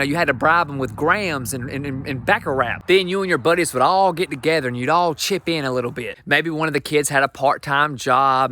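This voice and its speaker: A man's voice: on the high side, pushed and bright. A young adult man doing brash, profane, self-deprecating stand-up comedy.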